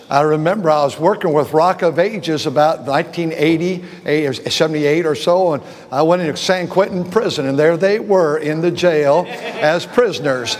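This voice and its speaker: An older male pastor with a high voice rambles through an informal sermon story, chuckling and restarting his sentences. His voice rings out with a long reverb that fills a large church sanctuary.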